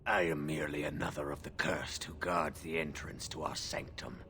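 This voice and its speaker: An actor playing a solemn, guarded male werewolf gatekeeper in a video game, speaking formally in a gravelly whispered snarl. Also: a bass voice, steady tone, pushed and bright, a little hiss or hum. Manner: formal, measured speech.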